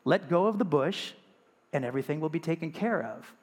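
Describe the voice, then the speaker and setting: A man voicing a calm, deep divine voice answering from the sky, measured and unhurried. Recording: long reverb of a large hall.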